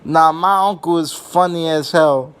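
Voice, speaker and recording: Slow, rambling young man, profane storyteller. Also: fairly high pitch, a bit bright, clean tone. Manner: rambling and profane, with many fillers and restarts. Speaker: vlogger. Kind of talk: casual comedic storytelling.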